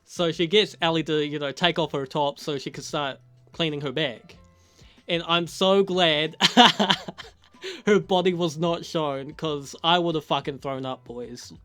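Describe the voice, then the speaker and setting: Young guy reviewing a show, swears nonstop, laughs a lot, bit high pitched, quiet music behind. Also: steady tone, a little slow, clean tone. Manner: casual, heavy swearing, laughs often. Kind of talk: casual spoken review.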